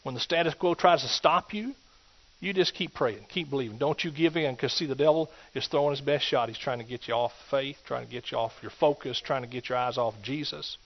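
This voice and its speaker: A man preaching a sermon, swinging between loud exhortation and hushed asides. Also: medium pitch, a little fast. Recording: dull lo-fi recording.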